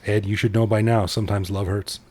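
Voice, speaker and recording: A man with a slightly low, husky voice co-hosts a relaxed podcast. He tells stories with animation and switches between the characters' voices as he goes. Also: brisk. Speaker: podcast co-host. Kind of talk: casual podcast chat and joke telling.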